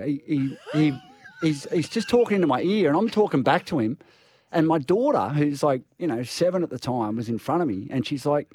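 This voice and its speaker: A man's voice: on the high side, lively intonation, brisk, darkish tone, no room sound. Australian man telling a rambling story. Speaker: guest storyteller. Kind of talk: casual chat.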